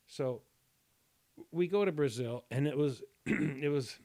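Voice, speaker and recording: A man's voice: fairly high pitch, animated, moderate pace, a little mellow, no room sound. Rambling storyteller man, dry sound. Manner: rambling anecdotal storytelling, frequent throat clearing; self-deprecating humor. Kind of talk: casual chat.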